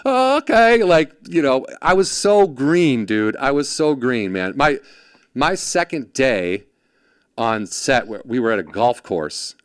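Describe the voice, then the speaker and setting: A man hosting a casual podcast interview, telling animated stories and acting out the voices of people he quotes. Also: medium pitch, takes it slowly, smooth, dry recording, clean studio sound. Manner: animated storyteller, acts out quoted voices, laughs often. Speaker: podcast host.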